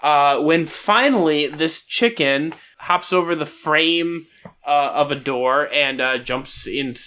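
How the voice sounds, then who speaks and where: Male game master, bright, slightly high voice, unhurried scene narration. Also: clear, resonant tone. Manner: relaxed, with frequent "uh" while describing scenes.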